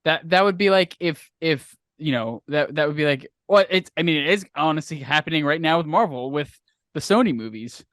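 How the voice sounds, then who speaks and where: A man's voice: a little high, lively intonation, fairly quick, fairly bright tone, no room sound, studio quality. A man co-hosting a podcast, chatting casually, rambling with many fillers and hunting for words. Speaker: podcast co-host. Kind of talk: casual chat.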